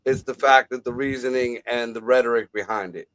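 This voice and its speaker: A man co-hosting a casual livestream chat, excitable and profane, given to conspiratorial talk. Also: mid-range voice, brisk, poor audio. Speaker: podcast co-host.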